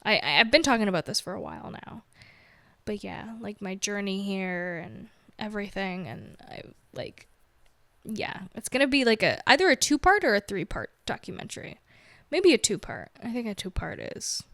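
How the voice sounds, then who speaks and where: A woman's voice: medium pitch, sing-song, normal speed, fairly bright tone, no room sound. A woman hosting her own podcast, chatting casually in a rambling, self-mocking way and laughing often. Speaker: podcast host. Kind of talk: casual solo chat.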